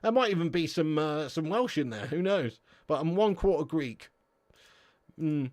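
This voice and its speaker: A man's voice: a little high, expressive, moderate pace, darkish tone, no room sound, clean studio sound. A young English man hosting a football live stream, reading chat messages and bantering with viewers in a slangy, swearing, laugh-filled way. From England.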